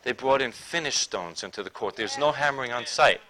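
Bright-voiced man preaching a sermon. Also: medium pitch, expressive, fairly quick. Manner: emphatic, swinging between loud declaring and quiet intimate asides.

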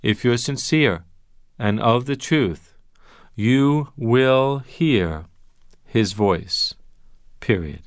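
A man teaching the Bible on a radio show, stressing key words slowly and explaining points step by step. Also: mid-range voice, animated, dry recording, clean studio sound.

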